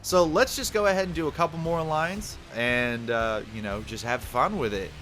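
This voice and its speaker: A man giving a casual, energetic tutorial on doing character voices. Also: on the high side, moderate pace. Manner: energetic, chatty. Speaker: voice actor teaching a tutorial.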